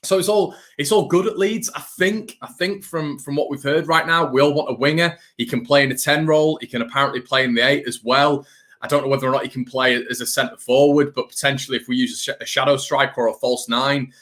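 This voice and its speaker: A man's voice: medium pitch, steady tone, fast talker, fairly bright tone. A young man hosting a fan channel live stream, chatting casually and rambling, greeting viewers by name.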